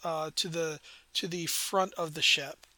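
A man's voice: fairly high pitch, steady tone, a little slow, sharp tone, no room sound. A man narrating a tabletop game as game master, descriptive and rambling with many fillers.

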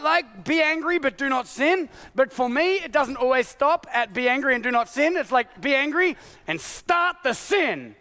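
A male pastor preaching a sermon in an animated, confessional way, swinging from shouted exasperation to hushed tones. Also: extremely high pitch.

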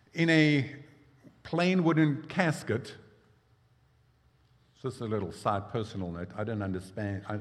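A man's voice: mid-range voice, big-room sound. A male pastor preaching a sermon, explaining scripture in a conversational way with personal asides.

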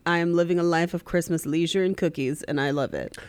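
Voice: medium pitch, fairly quick, smooth, no echo. A podcast co-host talking from a hotel room, laughing often and putting in dry quips. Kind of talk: casual podcast chat.

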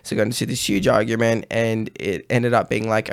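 A man in casual podcast chat, telling an animated story with plenty of swearing and acted-out voices. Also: fairly low pitch, fairly quick, gravelly, few pauses, clean tone, no echo, studio quality.

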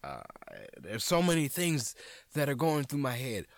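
A man hosting a podcast as a comedian, in a casual, profane monologue that jumps into high, excited outbursts. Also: a little slow, dry recording.

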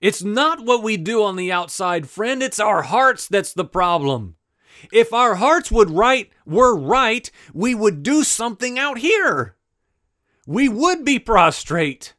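Brief: male preacher, high voice, fervent and emphatic, urgent then hushed. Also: very animated, slow pace. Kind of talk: impassioned sermon.

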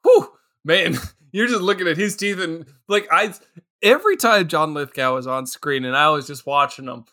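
Man, fairly high bright voice, animated casual podcast chat, excitable. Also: normal speed. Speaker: podcast co-host. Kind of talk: casual movie recap chat.

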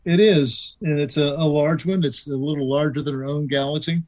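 A man, a guest author, explaining astronomy in a measured, patient way. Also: a little high, fairly even intonation, a little mellow, no echo, low-quality recording.

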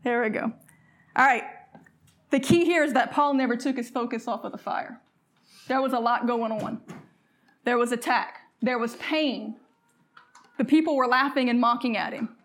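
A woman preaching a fervent sermon in church, slowing down to read scripture and calling on the congregation to answer back. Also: fairly high pitch, a bit bright.

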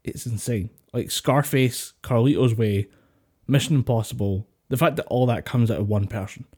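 A man's voice: mid-range voice, moderate pace, dark tone, breathy edge. A man co-hosting a podcast over a voice call, rambling, laughing often and swearing casually. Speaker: podcast co-host. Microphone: voice call headset or desk mic.

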